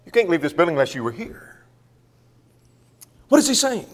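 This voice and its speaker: A man's voice: fairly high pitch, sing-song, moderate pace, in a large hall. A man preaching a sermon in a church, asking himself questions and answering them.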